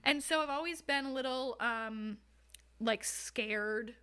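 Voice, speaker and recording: A young woman talks openly as a podcast guest, her voice fairly high and bright. She tells hard personal stories in a frank, casual way, swearing freely and laughing at times. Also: takes it slowly, clear, resonant tone. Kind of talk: candid conversational storytelling.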